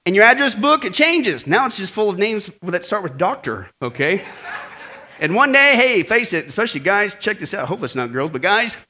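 A man preaching a sermon with jokes, animated and laughing often, calling out to the congregation. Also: high voice, fairly quick. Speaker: pastor. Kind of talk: humorous sermon.

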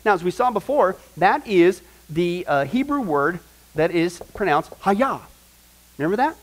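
A middle-aged man leads a Bible class. His voice sits high for a man, and he teaches in an animated way, checking in with his students through frequent questions. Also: normal speed, rough recording.

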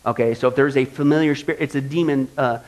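A man's voice: mid-range voice, steady tone, quick pace. A male pastor preaching a sermon in a folksy style, driving points home with repetition.

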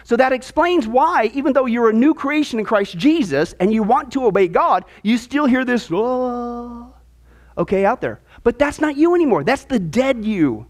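A man's voice: very high-pitched, expressive, normal speed, few pauses. A man teaching a discipleship class on the Bible, talking emphatically and checking in often with "okay?".

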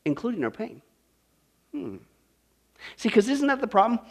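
A man preaching a sermon as a Bible study teacher, folksy and animated, constantly firing rhetorical questions at his congregation. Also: very high-pitched, moderate pace, breathy edge.

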